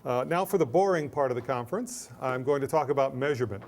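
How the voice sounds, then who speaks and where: A middle-aged man giving an academic lecture, joking and self-deprecating, with brisk asides and anecdotes. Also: medium pitch, lively intonation, a little mellow, slight background noise.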